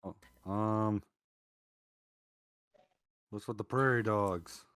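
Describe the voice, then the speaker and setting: A player chatting casually in a tabletop game, slow and deadpan. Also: medium pitch, no room sound.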